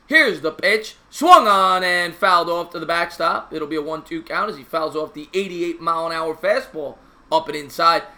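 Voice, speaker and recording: Bright, excitable New play-by-play man. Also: on the high side, moderate pace. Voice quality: chatty, excitable, slangy. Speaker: live stream play-by-play host. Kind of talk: casual live play-by-play with chat replies.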